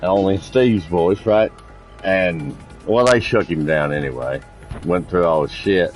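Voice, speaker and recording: Soft music plays behind a low-pitched man speaking a little slowly. He's streaming a multiplayer game, joking crudely and casually with his friends, teasing them and spinning rambling stories.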